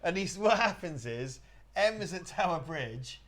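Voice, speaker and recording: A man's voice: high-pitched, animated, measured pace, a bit bright. A man co-hosting a casual livestream, joking and giggling as he riffs on a film. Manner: giggly, jokey, hums a spy theme jingle. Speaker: co-host riffing on a film.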